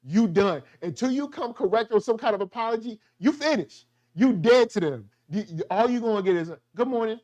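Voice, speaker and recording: A man giving a casual, slangy review of a TV show, animated and quick to act out the characters' lines. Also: high voice. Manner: slangy, animated, acts out quotes. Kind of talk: casual solo TV review talk.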